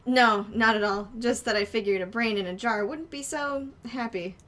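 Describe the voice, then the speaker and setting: A woman's voice: on the high side, moderate pace, fairly bright tone, close to an everyday voice. A woman reading a laid-back female bartender. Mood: easygoing. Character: calm, dry female bartender. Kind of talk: fan voicing of game dialogue.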